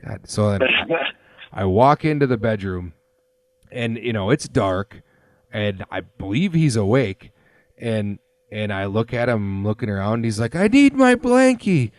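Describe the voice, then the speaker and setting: With a lowish voice at a measured pace, this sports podcast host, a man in his thirties, chats casually and wanders through stories full of fillers. There is no room sound.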